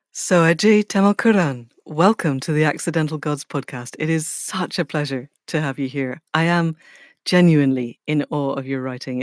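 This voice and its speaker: A woman's voice: low voice, dry recording, studio quality. A woman hosting a podcast, introducing her guest and asking questions with effusive enthusiasm. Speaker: podcast host.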